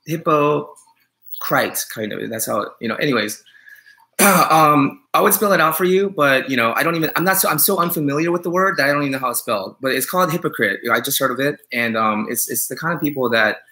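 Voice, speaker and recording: Gravelly man joking through a live stream. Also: mid-range voice, expressive, fast talker, sharp tone. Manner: playful teasing, rambling with many fillers. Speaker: dog groomer live-streaming to viewers. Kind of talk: joking live-stream chat, reading viewer comments.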